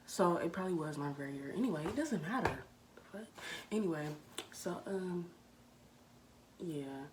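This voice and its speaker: A woman's voice: low voice, moderate pace, long pauses, darkish tone, slight background noise, rough recording. A young woman telling a rambling storytime vlog straight to her viewers, often dropping into a whisper. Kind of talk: storytime vlog, casual chat.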